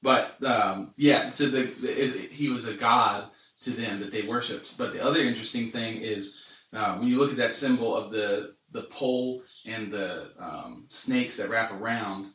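A man talking through a Bible passage in casual conversation, earnest and halting, with many fillers. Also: on the low side, a bit bright, far from the mic. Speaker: Bible study co-host. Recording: echoey room, away from the mic.

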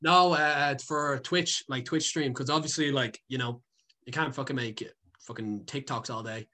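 This young man is a guest and content creator, rambling through a casual story packed with fillers and frequent swearing, laughing a lot along the way. His medium-pitched voice stays fairly even at a moderate pace, sounding pushed and bright.

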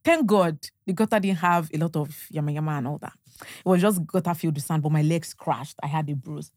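A woman's voice: sits low, a little fast, a little mellow, no echo. A young Nigerian woman with a Nigerian accent, a podcast guest chatting casually, telling stories animatedly, acting out bits of dialogue and laughing often. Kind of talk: casual storytelling chat.

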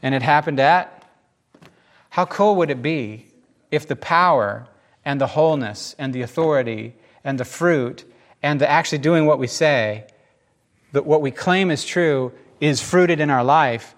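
A man giving informal, emphatic Bible teaching in a lively, conversational way. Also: a little high, measured pace.

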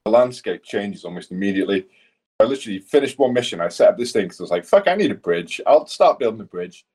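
A man's voice: lowish voice, very animated, fast, darkish tone, breathy edge. A man co-hosting a podcast, rambling through sweary stories in casual chat. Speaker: podcast co-host.

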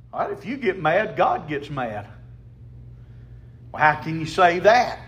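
A man's voice: on the high side, very animated, a little slow, pauses often, a bit bright, breathy edge, lo-fi sound. A man preaching a sermon as a pastor, emphatic, with call-and-response to the congregation.

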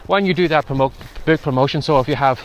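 A fast-talking podcast host with a fairly high voice gives chatty tips on a walking vlog. He's outdoors in strong wind and rain and sounds a little out of breath.

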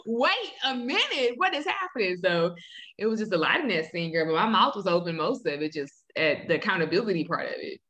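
A woman's voice: on the low side, fast, a bit bright, muffled recording. A woman co-hosting a casual podcast, talking about a TV episode in an emphatic, insistent way. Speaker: podcast co-host. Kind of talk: casual chat recapping a TV episode. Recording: roomy echo.

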